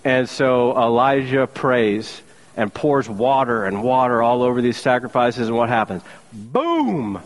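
Animated pastor in a reverberant hall. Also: male voice, medium pitch, moderate pace. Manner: animated storytelling, sarcastic humor, acts out voices. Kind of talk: sermon. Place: church sanctuary. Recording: long reverb of a large hall.

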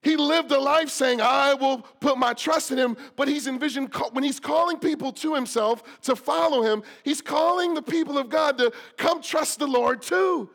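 High-voiced impassioned male preacher. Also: gravelly. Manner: impassioned preaching, then hushed prayer; repeats lines with emphatic slowing. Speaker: pastor. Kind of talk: sermon with closing prayer.

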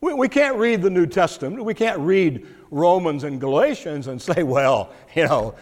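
A man preaching an expository sermon, teaching deliberately with occasional restarts and fillers. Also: sits high, expressive, darkish tone. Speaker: pastor. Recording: long hall reverb.

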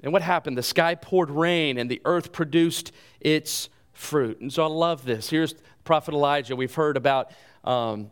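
A man's voice: normal speed, clear, resonant tone. Earnest male pastor preaching. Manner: earnest preaching, dropping soft and low in the closing appeal. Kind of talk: sermon.

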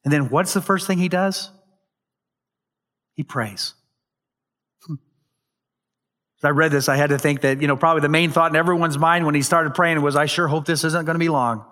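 Male pastor, fairly high pitch, dramatic storytelling sermon delivery. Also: fairly even intonation, moderate pace, pauses often. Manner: dramatic storytelling, rising to loud emphasis.

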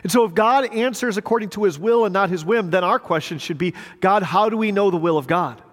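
High-voiced man preaching in a reverberant hall. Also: brisk. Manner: conversational preaching, with repeated words and rhetorical questions. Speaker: pastor. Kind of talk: sermon. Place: church sanctuary.

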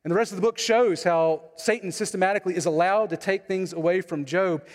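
A man's voice: high voice, fairly quick. A man preaching a sermon as pastor, conversational, often asking the congregation questions. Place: church sanctuary. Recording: long hall reverb.

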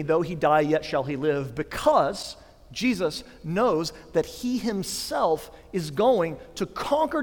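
Casting: male pastor in his thirties, high and bright voice, emphatic preaching, long church-hall reverb. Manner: emphatic preaching, swelling to forceful declarations. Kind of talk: sermon.

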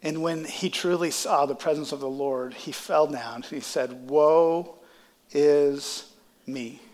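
Guy pastor preaching, kinda stuffed up from crying, voice on the higher side, big echoey church hall. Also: normal speed. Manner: impassioned preaching that builds to loud climaxes. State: congested sinuses. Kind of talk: sermon. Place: church sanctuary.

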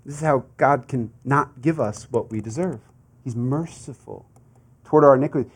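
A man's voice: mid-range voice, moderate pace, slightly rough. A man preaching a sermon in a conversational way, asking the congregation rhetorical questions and building to fervent emphasis. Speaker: pastor.

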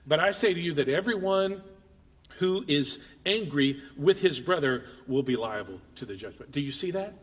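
Male pastor, chatty sermon style, stumbles and repeats, high voice, echoing sanctuary. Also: expressive, normal speed. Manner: conversational, repeats words, addresses congregation directly. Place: church sanctuary.

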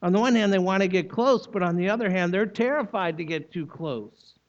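Male preacher, slightly high pitch, explanatory and emphatic; muffled lo-fi sermon recording. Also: brisk. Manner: explanatory teaching, emphatic repetition. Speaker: pastor. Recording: dull lo-fi recording.

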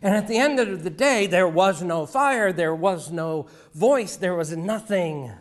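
Male preacher, middle-aged, higher register, dramatic pauses and hushed drops. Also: lively intonation. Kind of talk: sermon.

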